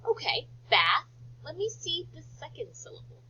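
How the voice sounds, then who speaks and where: A woman teacher giving a phonics lesson to young children, talking slowly in an exaggerated, sing-song way. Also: high-pitched, huge pitch swings, sharp tone. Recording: dull lo-fi recording.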